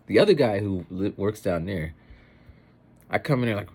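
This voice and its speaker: A man's voice: low voice, brisk, creaky, slightly rough. A man with kids telling stories in a casual, rambling vlog monologue while he eats. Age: adult with children. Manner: rambling, animated, mimics other people's voices in quotes. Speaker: vlogger. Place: home, eating a meal.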